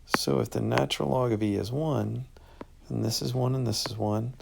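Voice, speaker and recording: Gravelly man teaching math casually. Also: mid-range voice, fairly even intonation, moderate pace, very noisy. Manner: casual and upbeat, thinks out loud. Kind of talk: walking through an answer key.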